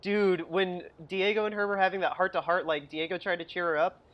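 Casting: chatty, giggly film podcaster who acts out scenes, mid-pitched voice. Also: steady tone, a little fast, dull audio. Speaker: movie review podcast co-host. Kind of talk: casual chat.

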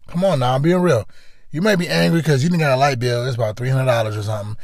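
A man's voice: mid-range voice, quick pace, gravelly, dry recording, studio quality. A man hosting a motivational monologue, talking in an earnest, conversational way and often repeating his phrases. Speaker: podcast host.

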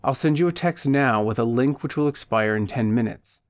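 A man voicing a calm, calculating male hired punisher who speaks in firm, measured tones. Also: medium pitch, no room sound, clean studio sound, close to an everyday voice. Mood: calm businesslike.

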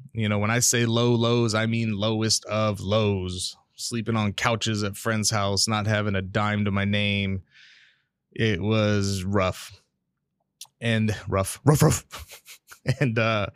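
A man's voice: medium pitch, clean tone, no echo. A man hosting a casual solo podcast, talking in a candid, rambling way with frequent restarts and casual swearing, close to a mic with a pop filter. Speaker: podcast host. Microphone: studio mic with pop filter.

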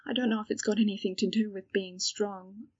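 A woman voicing a young witch who is frank but frightened, speaking in a hesitant, halting way on a dull lo-fi home recording. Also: mid-range voice, steady tone, breathy edge, no room sound. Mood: weary.

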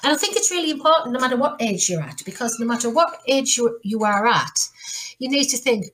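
A woman's voice: a little high, animated, a little fast, fairly bright tone. A middle-aged woman hosting a podcast, chatty and rambling with asides and restarts. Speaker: podcast host. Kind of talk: casual chat.

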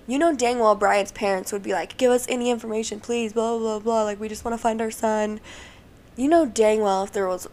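Young woman rambling on her podcast, kinda high voice, tired and emotional, lots of likes and ums. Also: gravelly, a little hiss or hum. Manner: chatty and emotional, many fillers. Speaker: podcast host. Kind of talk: casual podcast monologue.

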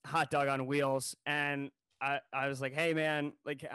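A man co-hosting a podcast, telling a funny story in a casual, animated way and acting out what people said. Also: medium pitch, a little slow, clean tone, dry recording. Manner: animated, jokey storyteller who acts out quotes. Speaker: podcast co-host. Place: New York City.

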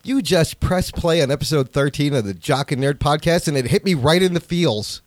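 A man's voice: fairly high pitch, normal speed, no echo. A man in his forties co-hosting a podcast, playful and upbeat, laughing often. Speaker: podcast co-host. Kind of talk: casual podcast chat.

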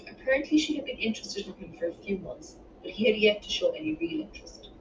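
A woman's voice: medium pitch, animated, fast talker, background noise. Woman reading her novel. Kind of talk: audiobook narration. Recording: distant roomy dull-sounding recording.

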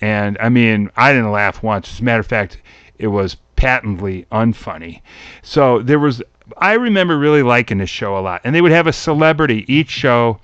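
A middle-aged man with a smooth, resonant voice, chatting about old television. He tells stories with animation and often jumps up high to mimic others. The sound is dry and a little dull. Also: animated, moderate pace, a bit bright, no room sound. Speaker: podcast host. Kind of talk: casual chat about old TV.

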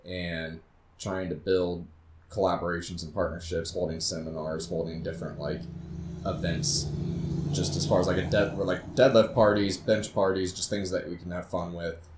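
Deep-voiced, laid-back man. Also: fairly even intonation, moderate pace, roomy sound, heavy background noise. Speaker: podcast co-host and fitness trainer. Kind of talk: casual chat.

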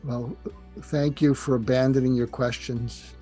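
A man's voice: mid-range voice, steady tone, unhurried, dark tone, faint music behind. A man guest on a podcast, earnestly telling a long story and acting out the dialogue. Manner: earnest, speaks in long anecdotes with quoted dialogue. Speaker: guest psychiatrist and author. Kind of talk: reflective storytelling.

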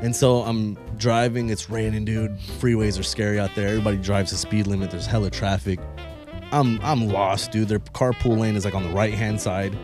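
Low-voiced young man telling a slangy story. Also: steady tone, normal speed, over music. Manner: profane, laid-back storytelling with slang. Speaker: podcast co-host. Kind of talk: casual chat.

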